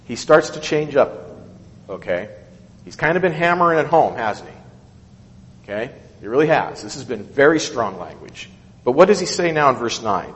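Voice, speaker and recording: A man leads a Bible study, talking through scripture and checking in with his listeners after each point. His pitch swings widely as he goes. The voice carries the long reverb of a large hall. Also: a little slow, long pauses. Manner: animated, keeps asking okay and right.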